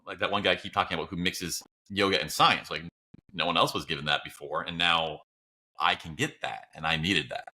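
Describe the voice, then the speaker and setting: A man co-hosting a podcast in casual chat, animated and quick to act out his own thoughts, with casual swearing and laughter. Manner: animated, jumps up in pitch when acting out his own thoughts. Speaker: podcast co-host.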